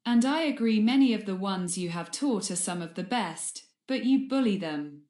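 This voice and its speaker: A woman narrator voices a fearful headmistress pleading with a bitter colleague in a fan-read storybook. The voice sits at a middle pitch and echoes in a roomy space. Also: expressive, moderate pace, darkish tone, close to an everyday voice. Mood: upset. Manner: pleading and upset. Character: fearful woman headmistress who finally shrieks. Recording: roomy echo.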